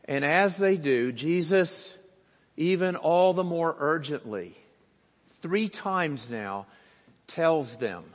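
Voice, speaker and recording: Slow-speaking pastor in a reverberant church. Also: male voice, on the high side, expressive. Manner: slow, deliberate storytelling with quoted voices. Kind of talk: sermon with storytelling. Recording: long reverb of a church hall.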